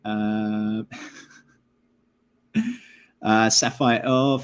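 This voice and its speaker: An Australian man with a voice on the low side hosts a live stream at normal speed, chatting loosely with viewers and reading their comments aloud. His speech is filler-heavy, constantly saying "like" and "man."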